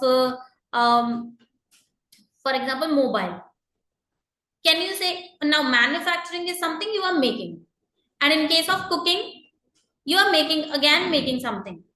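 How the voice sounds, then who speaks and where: Woman tutor going over exam tips, high bright voice, lots of uh's, roomy echo. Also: normal speed. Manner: patient and explanatory, many fillers and repeated reminders. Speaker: IELTS teacher. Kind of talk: online lesson, explaining to students.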